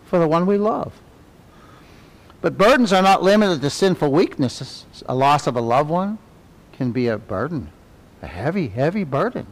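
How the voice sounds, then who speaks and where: A middle-aged man teaching a Sunday school class in a church classroom, animated, peppering the class with questions and sinking to a soft murmur on reverent words. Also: normal speed. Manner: animated, asks the class many tag questions; drops to a soft, low murmur on reverent phrases. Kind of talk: conversational Bible teaching.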